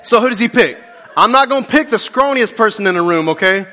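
Man, pastor, sermon, pitch swinging all over, bright, animated. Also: some chatter behind, a little hiss or hum. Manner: animated, joking with the congregation; drops to a low, slow intensity for key points.

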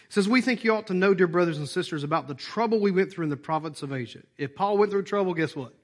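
Male pastor, hoarse and animated, high-ish voice, preaching to his church. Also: fast. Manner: animated, acts out voices and asides. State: hoarse, voice worn out. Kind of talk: sermon.

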